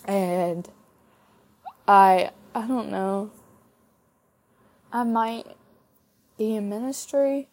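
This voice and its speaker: A young woman hosting her own podcast, giving a halting, heartfelt faith testimony with soft laughs while tearful from crying. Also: mid-range voice. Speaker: podcast host.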